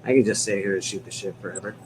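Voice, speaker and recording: A man's voice: on the low side, rapid-fire, slight background noise, rough recording. A man hosting a casual livestream chat from home, rambling, laughing often and swearing now and then. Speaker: livestream host.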